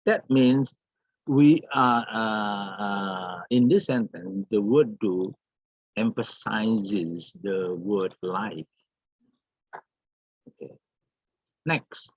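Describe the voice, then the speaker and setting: A man teaching an English grammar lesson, slowly repeating words and examples with many fillers. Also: on the low side, lively intonation, a little mellow, breathy edge, dry recording. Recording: dull, lo-fi.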